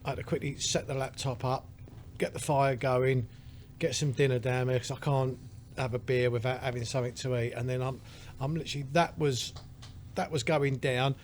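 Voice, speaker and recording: A man's voice: medium pitch, little pitch movement, moderate pace. A man telling a rambling story in casual pub-style podcast chat. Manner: chatty storyteller, laughs a lot. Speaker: podcast co-host. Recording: faint background noise.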